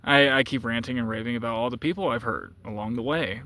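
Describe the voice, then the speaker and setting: Guy w a bright voice rambling thru a story, keeps restarting and correcting himself. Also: medium pitch, fast. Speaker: channel host.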